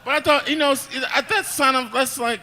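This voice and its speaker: A man's voice: very high voice, fairly quick, bright, forceful tone. A man hosting a live game show, teasing guests and laughing often. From Chicago. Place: live event with audience.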